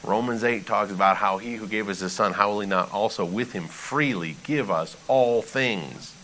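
A man preaching a sermon in an animated, conversational way, reading scripture and pleading with emphasis. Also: on the low side, moderate pace, a little hiss or hum, rough recording. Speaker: pastor.

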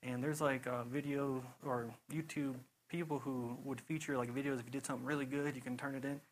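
A young man giving a casual sermon testimony, telling rambling, animated stories full of "you know" and quick laughs. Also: medium pitch, slight background noise, poor audio. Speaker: preacher.

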